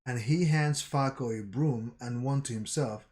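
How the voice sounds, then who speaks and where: A man hosting a channel, retelling a manga chapter in a halting way with restarts. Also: medium pitch, darkish tone. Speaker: channel host. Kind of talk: reading and recapping a manga chapter.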